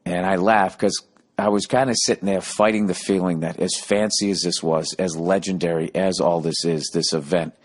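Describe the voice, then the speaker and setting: His voice is low, at a moderate pace with fairly even intonation. This podcast host rants sarcastically through a comic story thick with swearing, acting out both sides of every argument.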